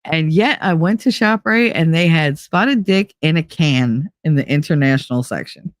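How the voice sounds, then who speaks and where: Stream host, lively swinging pitch, dry close sound, sarcastic chat. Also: moderate pace, dry recording. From United Kingdom. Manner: animated, chatty, sarcastic asides. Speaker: livestream podcast host. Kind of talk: casual chat reading live comments.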